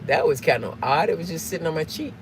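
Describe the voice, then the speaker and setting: A rambling woman chats away to her viewers from behind the wheel. Steady road noise hums under her voice, picked up by a phone inside the car. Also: low voice, quick pace. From Southern United States. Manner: rambling, chatty, asks viewers questions. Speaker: live-streaming vlogger. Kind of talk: casual chat while driving.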